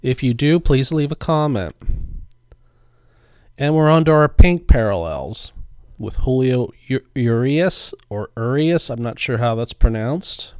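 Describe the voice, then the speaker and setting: Middle-aged man, chatty voice-over, smooth clear voice, dry close sound, relaxed. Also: mid-range voice, no room sound. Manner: relaxed, chatty, unsure of pronunciations. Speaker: card-opening video host. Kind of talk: casual voice-over narration.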